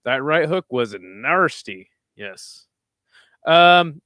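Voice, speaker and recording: Speaking very slowly in a fairly high voice, with no room sound, this young man provides live fight commentary on his stream. He gets excitable, letting out shouts and whoops at big moments, and talks casually with his viewers in chatty asides.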